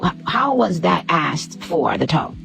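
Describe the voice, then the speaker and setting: Brief: female interviewer with an extremely gravelly, very deep voice, blunt and prying. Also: sing-song, unhurried, fairly bright tone, soft background music, poor audio. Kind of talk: probing interview.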